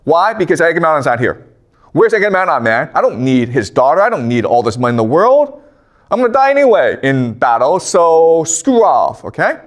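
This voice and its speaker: A man's voice: on the high side, very animated, fairly quick. A man doing a sulking boastful warrior hero. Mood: defiant.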